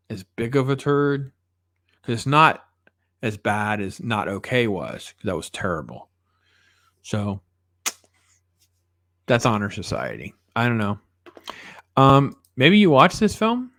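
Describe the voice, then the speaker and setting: A man giving a casual, sarcastic film review, exasperated and mocking the characters in quick put-on asides. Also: medium pitch, dry recording, clean studio sound. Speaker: movie reviewer.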